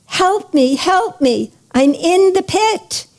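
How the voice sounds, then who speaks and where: A woman's voice: on the high side, expressive, normal speed, vocal fry, mellow, husky, heavily acted. A woman voicing a desperate man stuck in a pit, pleading with rising urgency in a raised voice.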